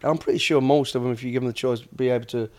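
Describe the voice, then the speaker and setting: Blunt middle-aged british man, casual podcast storyteller, swears freely, mid pitch. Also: steady tone, rapid-fire, darkish tone. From United Kingdom. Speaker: podcast host, former soldier and bodyguard.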